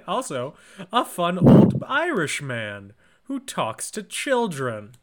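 A man's voice: high-pitched, huge pitch swings, slow. A young man co-hosting a podcast in casual chat, with dry teasing and playful bits. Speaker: podcast co-host.

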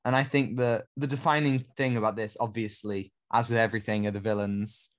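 A man's voice: fairly low pitch, fairly even intonation, brisk. Enthusiastic male podcast co-host. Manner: effusive, enthusiastic. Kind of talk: casual podcast discussion.

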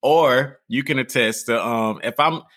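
A man's voice: medium pitch, a little slow, fairly bright tone. A man from the American South with a Southern drawl, hosting a cooking show and chatting easily while he explains a recipe. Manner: laughs often, easygoing, drawling. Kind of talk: cooking demonstration with chat.

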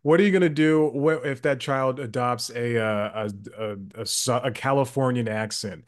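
A man hosting a podcast, asking relaxed questions in a casual interview and laughing along. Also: mid-range voice, normal speed. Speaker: podcast host.

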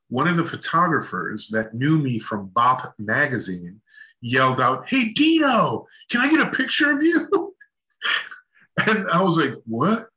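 A middle-aged man appears as a talk show guest and rambles through a long anecdote, restarting and laughing along the way in a casual storytelling chat. His mid-range voice is bright and forceful, and the recording is rough.

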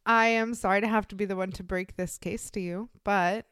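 A woman co-hosting a true crime podcast, telling the case in a casual, animated way, laughing often and swearing freely. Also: mid-range voice, fairly quick, smooth, no echo, studio quality. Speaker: podcast co-host.

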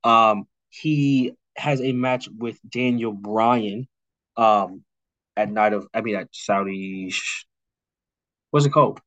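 A young man co-hosting a podcast talks loosely through a storyline with plenty of fillers, pitching a rewrite and dropping brief wrestler impressions. His pitch is fairly low and his tone a bit bright. The sound has no echo but comes across dull.

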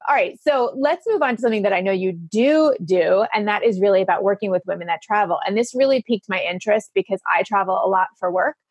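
A woman in her fifties hosts a relaxed interview in a chatty, self-deprecating way, laughing easily at herself. Her voice sits at an ordinary middle pitch. The sound is dry and close, with almost no room echo. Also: fast, few pauses, breathy edge. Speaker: podcast host. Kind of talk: casual conversational interview.

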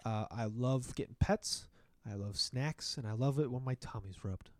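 A man's voice: mid-range voice, moderate pace, no room sound, natural voice. A man voicing a laid-back, well-fed male black bear that roars and talks about snacks and belly rubs. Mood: content. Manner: roaring, then relaying the bear's words.

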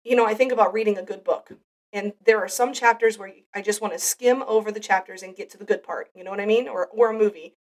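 A woman's voice: mid-range voice, fast. Earnest woman host, voice a bit distant. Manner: earnest, heartfelt. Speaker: podcast host. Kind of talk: devotional Bible teaching.

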